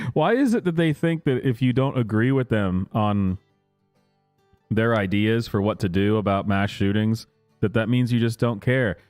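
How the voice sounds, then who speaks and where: A man's voice: on the low side, measured pace, long pauses, a little mellow, clear, resonant tone, dry recording, faint music behind. Sarcastic man in a dry room. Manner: sarcastic, mocking, laughs often. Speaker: commentary host. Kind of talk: casual reaction commentary.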